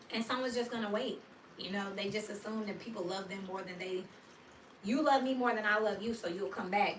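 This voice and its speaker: Swearing freely and speaking in slang, a tarot reader with a mid-range voice tells animated stories during a casual, blunt reading. There's slight background noise, and the recording sounds distant with a roomy echo.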